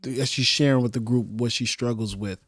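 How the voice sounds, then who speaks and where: A man's voice: mid-range voice, fairly quick, a bit bright, husky, dry recording. Male co-host, mid-range voice, dry close mic, slangy storytelling with quoted bits. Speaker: podcast co-host. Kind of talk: casual reality-TV recap chat.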